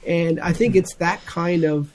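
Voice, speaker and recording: A middle-aged man sharing reflective, halting thoughts in a devotional talk. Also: fairly high pitch, fairly even intonation, darkish tone, a little hiss or hum. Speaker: co-speaker.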